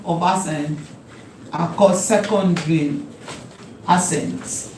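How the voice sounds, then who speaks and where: A woman teaching a Hebrew lesson, speaking deliberately and repeating key words so learners can follow. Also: fairly low pitch, darkish tone. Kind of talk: recorded language lesson. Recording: roomy echo, faint background hum.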